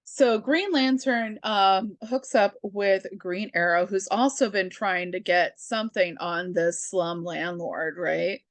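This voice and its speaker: A woman talks through an old comic book in an easy, unhurried way, dropping in fillers and side remarks and laughing at her own jokes. Her voice sits at an ordinary pitch, and the recording is close and dry with no room sound. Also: steady tone, no echo. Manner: chatty and rambling, full of fillers and asides. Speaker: comic book reader and channel host. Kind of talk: casual comic book reading commentary.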